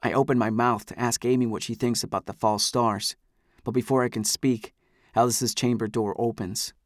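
A man reading first-person scripted narration for an audiobook in a measured, even manner. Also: medium pitch, no room sound, clean studio sound.

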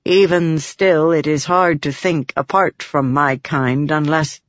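A woman reading an audiobook voices a curious, literal-minded male spirit who talks slowly and flatly with musing hums. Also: deep voice, no echo. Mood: solemn. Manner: slow, flat and precise, with musing hums. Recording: dull lo-fi audiobook.

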